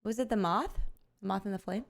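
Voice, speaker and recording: A woman streamer chatting casually with her viewers, animated and candid, often laughing and swearing freely. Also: medium pitch, a little fast, creaky. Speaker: live streamer.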